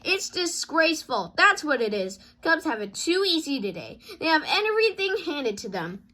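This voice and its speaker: A woman voicing a blustering, grumpy bear father in a storybook play, with shrill melodramatic yelling. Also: very animated, normal speed, exaggerated voice. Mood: grumbling.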